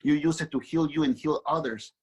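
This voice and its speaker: A man voicing a gentle divine mother who pleads urgently and then teaches solemnly. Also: low voice, a little fast, slightly rough, low-quality recording.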